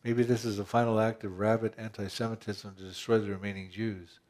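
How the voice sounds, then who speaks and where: A man's voice: lowish voice, level tone, fairly quick, darkish tone. A man pastor preaching a conversational sermon, asking rhetorical questions and often restarting his phrases.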